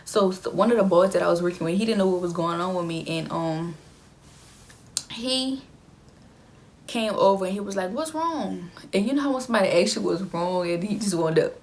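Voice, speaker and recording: A woman's voice: lowish voice, brisk, long pauses. Chatty young woman telling her story. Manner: chatty, emphatic, repeats phrases for effect. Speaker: vlogger telling a personal story. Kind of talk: casual storytime.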